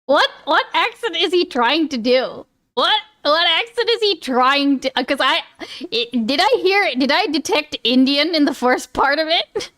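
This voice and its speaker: A woman's voice: high-pitched, lively intonation, unhurried, sharp tone. A woman live streamer chatting casually with her viewers. She rambles, restarts often, laughs a lot and swears freely.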